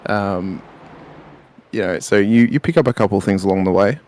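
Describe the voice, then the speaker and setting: Young male race caster, jokey and relaxed. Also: fairly low pitch, fairly quick. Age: 20s. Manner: jokey, tells dad jokes. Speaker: race commentator. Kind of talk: live sim racing stream commentary.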